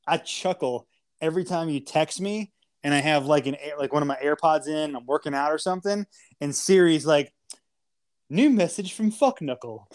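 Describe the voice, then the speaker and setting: A man's voice: on the high side, fairly quick. A man co-hosting a casual podcast, ranting and joking with lots of swearing and mock insults. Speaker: podcast co-host.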